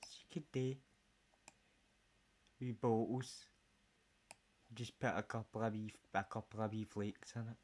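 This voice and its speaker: Slow, husky Scottish man rambling. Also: lowish voice, steady tone, darkish tone. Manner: jokey, rambling, swears a lot. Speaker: vlogger. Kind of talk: casual rambling chat.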